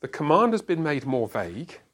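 A man's voice: fairly high pitch, sing-song, normal speed, fairly bright tone. A man leading a Bible study group. He asks the group questions and explains each point step by step, using everyday examples.

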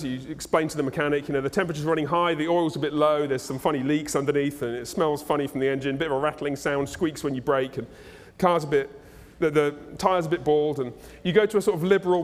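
A male pastor preaching a sermon in a conversational, animated and humorous way, in a church. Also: a little high. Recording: echoey hall.

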